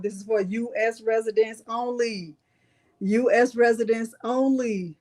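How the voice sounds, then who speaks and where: Chatty woman, higher voice. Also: steady tone, a little slow. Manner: chatty, warm toward viewers, says "y'all". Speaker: crafting tutorial host. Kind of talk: live-stream crafting tutorial.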